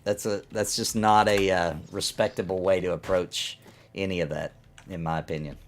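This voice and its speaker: A man's voice: sits low, fairly even intonation, moderate pace. A man chatting casually on a live game stream, rambling and ranting as he reacts to his chat.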